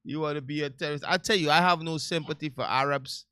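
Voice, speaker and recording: A man hosting a talk-radio show, giving casual commentary in a loud, heated, preachy way with slangy asides. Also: a little high, steady tone, fast talker, clean tone, dry recording.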